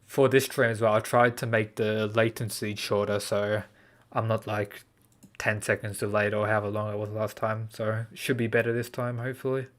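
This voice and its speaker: A man's voice: fairly low pitch, level tone, normal speed. An Australian man chatting casually on a livestream, laid-back and rambling with lots of fillers. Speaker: anime streamer.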